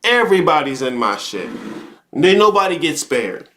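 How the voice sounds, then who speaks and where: This is a man with a high-set, sharp voice hosting a live talk stream. He preaches in a cursing, heated rant. He doubles back on his own words and punctuates his points with rhetorical questions. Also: sing-song, moderate pace, a little hiss or hum. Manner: repeats words, frequent rhetorical "okay?". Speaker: host. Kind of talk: live-streamed spiritual monologue.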